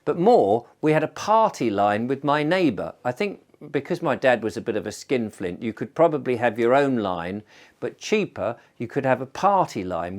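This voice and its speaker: Chatty middle-aged storyteller. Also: male voice, medium pitch. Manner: conversational, rambling, frequent restarts. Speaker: storyteller host.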